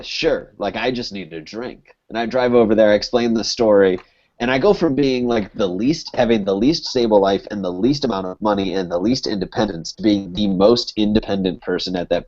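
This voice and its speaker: A man's voice: lowish voice, darkish tone. A young man from Connecticut telling a long story in a loose, rambling way, packed with "like" and swearing. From Connecticut, USA. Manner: rambling, fills every pause with "like", swears freely. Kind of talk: casual storytelling on a podcast. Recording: dull lo-fi podcast recording.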